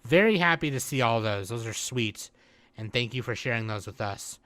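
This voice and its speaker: A man's voice: medium pitch, expressive, normal speed, fairly bright tone, no room sound. Laid-back joking male podcast host. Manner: joking, laid-back, says dude a lot. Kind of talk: casual chat.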